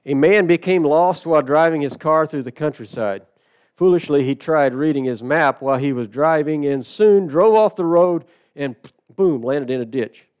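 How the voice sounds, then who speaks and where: Preaching man with a smooth voice. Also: medium pitch. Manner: storytelling with dramatic shifts in loudness and slow emphatic phrasing. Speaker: pastor. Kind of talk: sermon.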